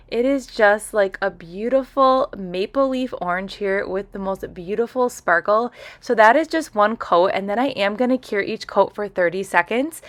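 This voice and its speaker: Upbeat woman narrating a nail tutorial. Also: mid-range voice. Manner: enthusiastic, gushing over products; casual with frequent "like" fillers.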